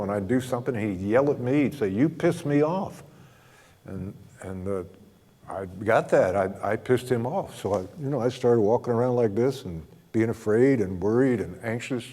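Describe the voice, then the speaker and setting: Man telling stories in a reverberant hall. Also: medium pitch. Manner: relaxed anecdotal storytelling, acts out both sides of dialogue, chuckles often. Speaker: speaker telling a counseling story. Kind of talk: storytelling talk to a group.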